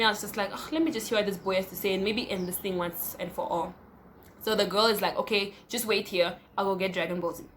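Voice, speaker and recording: A young woman telling a personal story in a casual, animated way, acting out what people said. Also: slight background noise. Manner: animated, acts out quotes with big pitch jumps. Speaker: storyteller vlogger.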